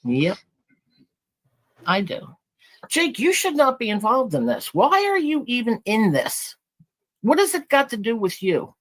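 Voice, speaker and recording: A woman's voice: a little high, big pitch swings, unhurried, long pauses. A woman in a live group chat, talking indignantly and defending herself against someone she accuses. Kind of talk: casual heated chat.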